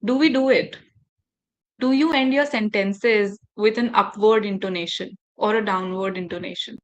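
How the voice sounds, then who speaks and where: A woman's voice: mid-range voice, normal speed, highs cut off. A woman trainer leading an online workshop for teachers over a video call, engaging and often asking the audience questions. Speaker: faculty development trainer.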